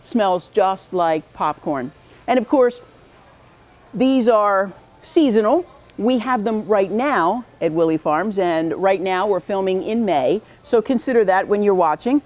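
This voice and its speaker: A woman's voice: medium pitch, animated, a little slow, darkish tone. A woman hosting a farm store's own show, walking viewers through its products with chatty enthusiasm. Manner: chatty and enthusiastic, repeats "really, really". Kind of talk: upbeat product tour.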